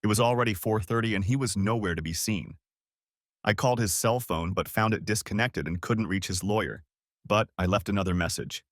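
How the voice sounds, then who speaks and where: A man voicing a soft-spoken middle-aged wife in an audiobook story, narrating and pleading in a gentle manner. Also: fairly low pitch, a little fast, dry recording, studio quality, lightly acted.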